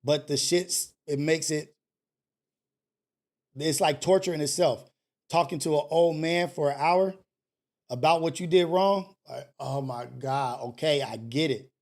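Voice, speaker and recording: A man hosting a live call-in stream, talking casually and preachily, swinging between loud scolding and low murmurs. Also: measured pace. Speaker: host of a live call-in show.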